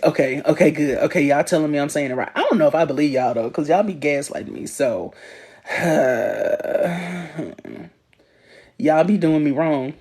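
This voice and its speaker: Speaking in a low voice, a woman hosts a casual livestream, chatting with viewers and reading their comments. She's animated and emphatic and laughs often.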